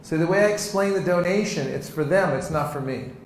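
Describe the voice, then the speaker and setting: Guy running a seminar, lively, acts out convos, kinda high voice, big echoey room. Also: brisk. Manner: lively, demonstrates dialogues, laughs often. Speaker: seminar teacher. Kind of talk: teaching with acted-out demonstrations. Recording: roomy hall echo, faint noise.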